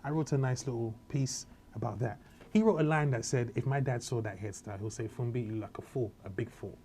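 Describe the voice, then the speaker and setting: Animated fast-talking man telling stories. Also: mid-range voice, slight background noise. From Nigeria and Britain. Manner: animated storyteller, acts out quotes. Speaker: comedian guest. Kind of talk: casual interview chat.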